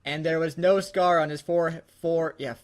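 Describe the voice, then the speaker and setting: A young man reading a fan story aloud for laughs, giggly and animated. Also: a little high, moderate pace. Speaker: co-host.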